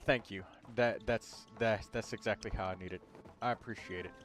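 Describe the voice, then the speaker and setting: Brief: male livestream host, lowish voice, easygoing and rambling, chatting over clear game music. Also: moderate pace. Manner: relaxed, rambling, with fillers. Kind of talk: casual livestream chat.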